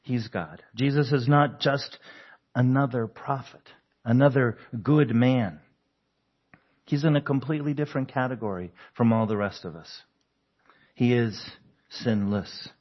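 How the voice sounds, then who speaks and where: Man preaching a sermon, slightly husky. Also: mid-range voice, measured pace, muffled recording. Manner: conversational preaching, asks the congregation questions, chuckles often. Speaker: pastor.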